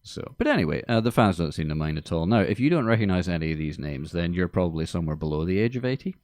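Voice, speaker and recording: A man hosting a casual movie podcast in a studio, talking in a dry, deadpan joking way. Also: low-pitched, fast talker, no echo. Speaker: podcast host.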